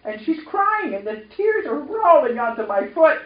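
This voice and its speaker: Here a pastor with a very high-pitched, sing-song voice preaches at normal speed, telling a personal story and drawing the congregation into call-and-response. The church sanctuary recording sounds distant, echoey and dull.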